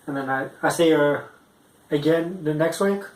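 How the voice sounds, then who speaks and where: A young man doing a stand-up story, rambling and halting, with frequent restarts and fillers. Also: a little high, reverberant, rough recording. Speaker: stand-up comic.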